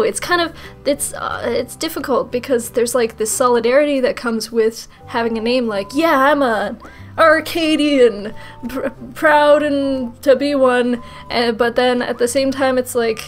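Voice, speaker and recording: A young woman in casual Q&A vlog talk, playful and self-mocking, her voice a little rough today, talking close to the mic. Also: a little high. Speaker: YouTuber answering fan questions.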